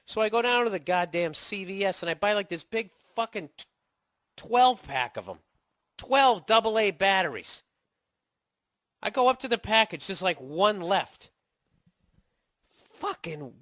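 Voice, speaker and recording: Ranting sarcastic podcast host, bright voice. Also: male voice, sits high, lively intonation, normal speed, no room sound, clean studio sound. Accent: Boston. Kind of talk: rambling comedic podcast monologue.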